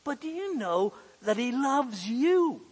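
A man's voice: very high-pitched, sing-song, takes it slowly, breathy edge. A man preaching a sermon in an earnest way, repeating key phrases for emphasis. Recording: long hall reverb.

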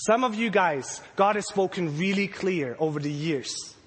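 A man preaching a sermon to children and a congregation, telling the story with animated energy and acting out the voices of the disciples. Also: high voice, normal speed, a little hiss or hum. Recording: long hall reverb.

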